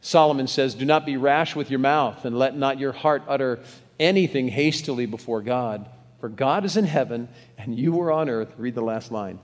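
A man's voice: mid-range voice, normal speed. A man preaching a sermon, reading scripture aloud and urging the congregation to read along. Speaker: pastor. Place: church sanctuary. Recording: long hall reverb.

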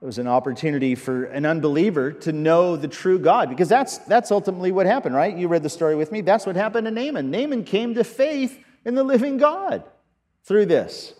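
A man preaching a sermon as pastor, earnest and halting, often restarting his sentences. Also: on the high side, a little mellow, big-room sound.

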